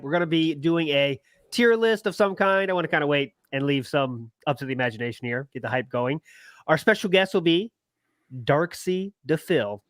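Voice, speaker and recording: Male podcast host, slightly high pitch, crude and jokey. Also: fairly bright tone, dry recording, clean studio sound. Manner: crude joking, laughs often, mock voices. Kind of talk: casual podcast chat.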